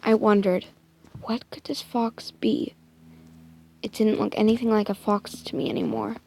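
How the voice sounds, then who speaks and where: A woman improvising a first-person story in a soft, hesitant way, often dropping into a whisper and correcting herself. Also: mid-range voice, steady tone, normal speed, vocal fry.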